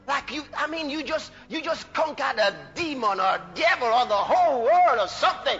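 A male preacher delivering a fervent sermon, shouting exclamations, laughing and acting out scripture voices. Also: very high-pitched, expressive, normal speed, few pauses, long reverb tail. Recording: muffled lo-fi recording with faint music.

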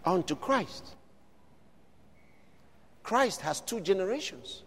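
A man preaching a sermon, building from steady teaching to shouted declarations. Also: sits high, slow, breathy edge, long reverb tail.

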